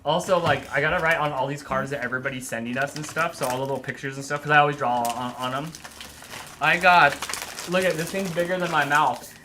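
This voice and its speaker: A woman's voice: sits low, quick pace, noisy background. A woman co-hosting a painting stream, chatting casually and rambling as she unwraps gifts. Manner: rambling, animated, trips over words.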